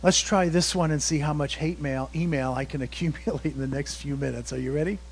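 A man preaching a sermon as pastor, slowing down for emphatic quotes and chuckling between points. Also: a little high, a little hiss or hum.

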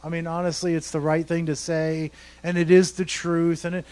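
A man's voice: a little high, level tone, moderate pace, hardly any pauses, a little mellow. A male pastor preaching a sermon, emphatic and repeating words for stress, asking rhetorical questions.

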